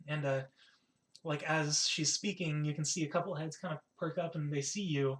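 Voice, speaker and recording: A man's voice: on the high side, fairly even intonation, moderate pace, fairly bright tone. A man narrating a tabletop game as game master, casual and full of "like" and "kind of". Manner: casual, filler-heavy, says "like" and "kind of" often.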